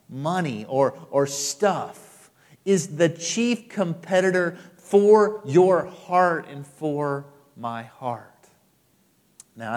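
A male pastor delivering an emphatic sermon, repeating phrases and swinging between loud and quiet. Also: fairly high pitch. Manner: emphatic, repetitive preaching with rising and falling intensity. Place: church hall. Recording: live sermon with long hall reverb.

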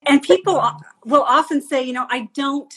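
A woman's voice: sits high, brisk. A woman hosting a casual conversation, affirming her guest with enthusiasm. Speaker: host.

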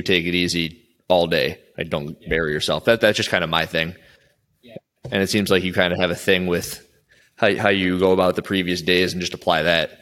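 Low-voiced male coach, loose conversational interviewer who trails off and restarts. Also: fairly bright tone. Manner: rambling, with frequent restarts. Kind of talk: casual interview chat.

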